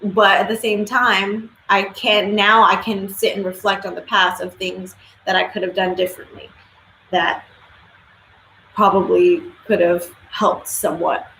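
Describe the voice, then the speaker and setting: A woman's voice: mid-range voice, level tone, a little slow, fairly bright tone. Woman live-stream host, blunt and outspoken with casual swearing, recorded in a roomy echo with a faint hum behind. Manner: blunt, opinionated, swears freely. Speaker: livestream host. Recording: echoey room with faint ambience.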